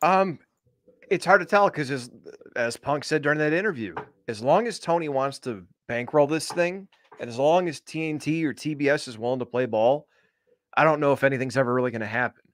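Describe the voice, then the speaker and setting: A man's voice: mid-range voice, fairly quick, no room sound. A man co-hosting a podcast, chatting casually in a sarcastic, profane, rambling way. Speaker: podcast co-host.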